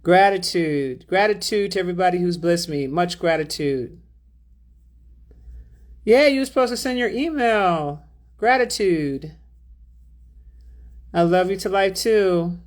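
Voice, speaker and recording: A woman's voice: fairly low pitch, lively intonation, a little slow, long pauses. A woman hosting a spiritual livestream, reading out chat and donations in a drawling, affectionate way, calling viewers baby and beloved.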